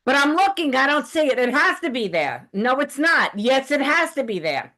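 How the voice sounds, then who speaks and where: High-voiced woman ranting, heated and profane. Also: normal speed. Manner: profane, heated, animated storytelling. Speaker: podcast host. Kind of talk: casual ranting chat.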